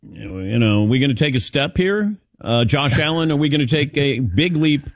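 A man hosting a sports talk show, asking questions with animated, halting delivery and repeated words. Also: medium pitch, dry recording. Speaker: sports radio host.

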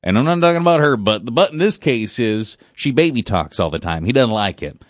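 A man's voice: mid-range voice, expressive, brisk, no room sound, clean studio sound. A man co-hosting a radio talk show, chatting in a playful, joking way. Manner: playful, joking, laughs easily. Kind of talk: casual radio chat.

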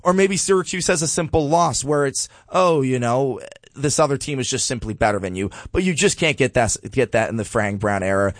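A man co-hosting a sports podcast, giving exasperated, animated commentary and repeating a refrain. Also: medium pitch, brisk, dry recording.

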